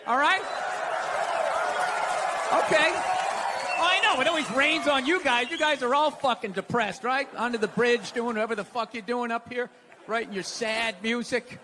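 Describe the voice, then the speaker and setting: A man doing a stand-up comedy routine, ranting with profanity in an exasperated, animated way. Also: very high-pitched, normal speed, long pauses, background noise.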